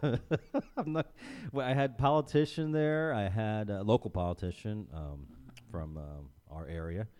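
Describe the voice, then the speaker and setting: A man hosting a casual podcast chat with friends, rambling and halting with lots of fillers. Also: on the low side, darkish tone, smooth. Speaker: podcast host.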